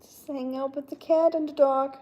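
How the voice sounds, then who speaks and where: Woman in her thirties, livestream host, casual rambling chat, mellow higher voice. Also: fairly even intonation, normal speed. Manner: chatty, rambling, with frequent fillers. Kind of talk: casual chat reading viewer comments.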